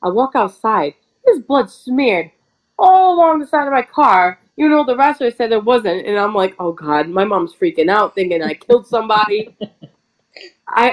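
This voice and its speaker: A woman pro wrestler telling a story in a casual interview, chatty and animated, full of "like" and quick laughs. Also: mid-range voice, poor audio.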